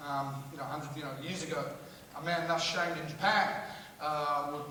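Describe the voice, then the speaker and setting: A man's voice: fairly high pitch, fairly even intonation, moderate pace. A man doing a rambling, sweary live stand-up rant and riffing with the crowd. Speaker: stand-up comedian. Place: large theatre hall. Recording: echoey hall recorded from far off with loud noise.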